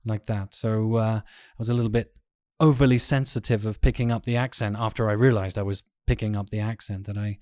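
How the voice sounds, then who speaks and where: A man's voice: fairly low pitch, steady tone, brisk, hardly any pauses, warm tone, dry recording, studio quality. A man co-hosting a podcast, chatting playfully and mimicking how people pronounce sounds. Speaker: podcast co-host. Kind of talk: casual chat.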